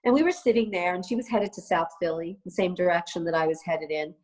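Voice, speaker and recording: A woman's voice: lowish voice, fast, rough recording. A woman in her fifties, a co-host, telling personal stories in a casual conversation and often restarting her sentences. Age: 50s. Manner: animated anecdote-telling with frequent restarts. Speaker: co-host, lawyer and columnist.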